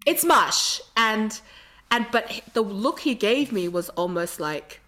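A woman's voice: mid-range voice, expressive, slow pace, bright, forceful tone. A woman from Australia, telling a long rambling story in casual chat with lots of fillers.

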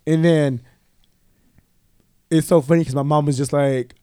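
A man in casual chat, telling a story in a profane, animated way, full of "like" and quoted dialogue. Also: fairly high pitch, measured pace, smooth, no echo, studio quality. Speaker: guest telling his coming-out story.

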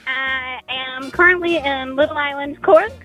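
A woman's voice: high-pitched, measured pace, fairly bright tone, soft background music, low-quality recording. A woman from Georgia with a Southern American accent, a cheerful caller to a radio contest. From Georgia, USA. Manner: laughing, cheerful.

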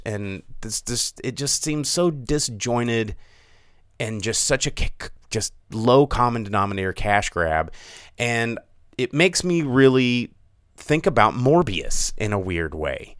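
A man's voice: lowish voice, lively intonation, moderate pace, fairly bright tone, clean tone, dry recording, clean studio sound. A man hosting a live podcast, talking casually and sarcastically about movies. He often slips into mocking voices to imitate other people. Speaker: podcast host.

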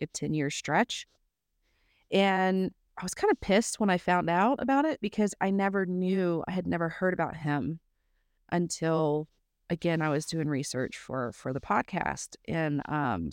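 A woman's voice: lowish voice, animated, moderate pace, smooth, dry recording, studio quality. A young woman from South Mississippi co-hosting a true crime podcast, blunt and joking with frequent swearing. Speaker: podcast co-host. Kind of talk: casual true crime chat.

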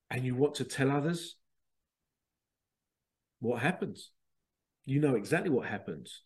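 Man, middle-aged, podcast host, rambling casual monologue, average pitch. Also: a little mellow. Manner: chatty, rambling, acts out quotes.

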